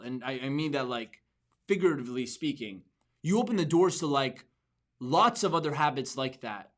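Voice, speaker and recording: Guy hosting a business podcast, hypes himself up, keeps restarting sentences, kinda high voice. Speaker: podcast host. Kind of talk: motivational talk.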